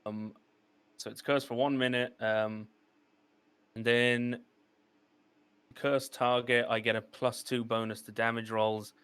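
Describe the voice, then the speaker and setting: A man with a smooth, resonant voice takes his turn in a tabletop game. He works through it step by step, reading his character's ability aloud. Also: mid-range voice, level tone, slow pace, long pauses, fairly bright tone. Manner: methodical, reads out rules. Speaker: player. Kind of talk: casual tabletop play.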